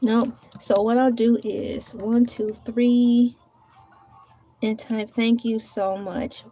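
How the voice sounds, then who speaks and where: A woman with a high voice chats slowly and loosely on a live stream from home. She thanks viewers and talks to herself aloud as she types and hunts for things on her table. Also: fairly even intonation, dark tone, soft background music. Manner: chatty, talks to herself while searching and typing. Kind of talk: casual live-stream chat.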